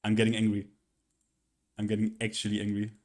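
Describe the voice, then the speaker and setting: A man's voice: on the low side, monotone, fairly quick, darkish tone. A man streaming live, ranting casually and profanely in an exasperated, rambling way, often restarting his sentences.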